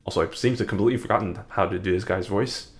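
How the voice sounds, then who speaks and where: A man's voice: fairly low pitch, rapid-fire, faint music behind. A man streaming a visual novel, reading it aloud with joking off-hand asides.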